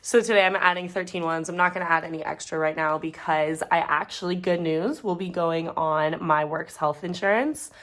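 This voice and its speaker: A budgeting vlogger in her twenties chats casually at home with a dog nearby, rambling and muttering numbers as she counts bills. Her voice is on the low side, steady and fairly bright, at normal speed with few pauses.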